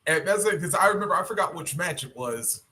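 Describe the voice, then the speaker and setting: A man's voice: a little high, expressive, fast talker, bright, forceful tone. A man on a podcast in casual chat who chimes in with short agreements. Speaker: podcast co-host.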